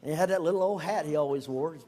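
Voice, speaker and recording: An older man telling a personal story to a congregation, animated and at times dropping to a whisper. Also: fairly high pitch, fast. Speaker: speaker giving a testimony.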